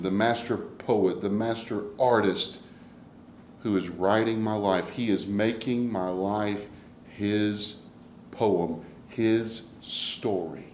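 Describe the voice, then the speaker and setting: A man preaching a sermon as pastor, swinging from hushed asides to loud, emphatic declarations. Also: fairly low pitch, echoey room, slight background noise, poor audio. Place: church sanctuary.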